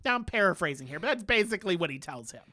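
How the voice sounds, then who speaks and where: A man co-hosting a podcast, recapping a TV episode in casual chat, animated and full of playful quoted voices. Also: high-pitched, very fast, dry recording, studio quality. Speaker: podcast co-host.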